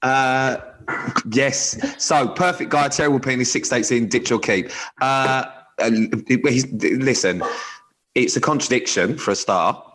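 A man's voice: mid-range voice, measured pace, a bit bright. A man co-hosting a podcast, chatting casually and teasingly with frequent ums and restarts. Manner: hesitant, teasing, many fillers. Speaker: podcast co-host. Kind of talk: casual chat.

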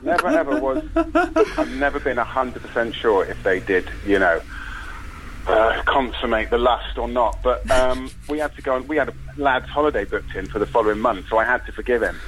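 A man in his forties telling a comic story on a chat show, laughing often as he pitches a film idea. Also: very animated, normal speed, fairly bright tone, slight background noise, poor audio.

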